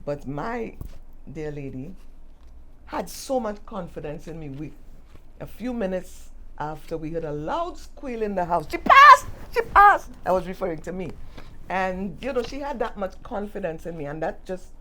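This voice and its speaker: A woman's voice: on the low side, animated, moderate pace, a little mellow, a little hiss or hum, poor audio. A middle-aged woman co-hosting a podcast, chatting casually and telling stories with emphatic repeats. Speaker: podcast co-host. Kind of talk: casual chat.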